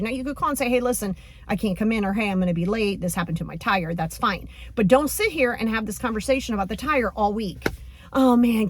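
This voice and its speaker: Young woman podcast host, coach type; candid, animated, fairly high voice, dry recording. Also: no room sound. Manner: blunt, animated, acts out quoted voices. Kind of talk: casual motivational podcast talk.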